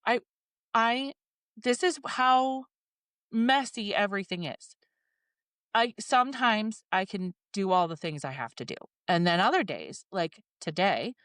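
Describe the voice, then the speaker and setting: A woman's voice: mid-range voice, fairly bright tone, no echo, studio quality. A woman in her forties talking candidly and emotionally, swearing and acting out her own inner thoughts in a podcast chat. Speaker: podcast co-host.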